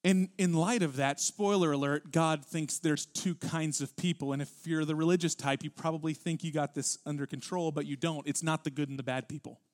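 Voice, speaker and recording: A man preaching a sermon as pastor, reading scripture with deliberate weight and growing louder when he stresses a point. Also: fairly high pitch, fairly even intonation.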